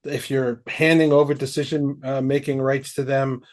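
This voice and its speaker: A man speaks at a middling pitch as a guest on a panel. His talk is measured and unhurried. He fills his pauses with ums and uhs. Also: little pitch movement, darkish tone. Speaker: agile coach, panel guest.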